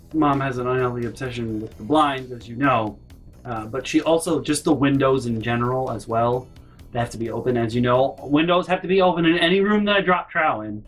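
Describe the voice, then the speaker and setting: A young man telling a rambling, profane storytime rant, exasperated and jumping off topic, often breaking into loud shouts. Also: mid-range voice. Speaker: vlogger.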